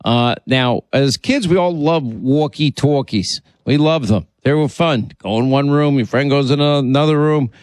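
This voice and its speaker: A man's voice: medium pitch, measured pace, few pauses, darkish tone, no room sound. A man hosting a talk radio show, bantering and teasing his co-host. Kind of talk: casual on-air banter.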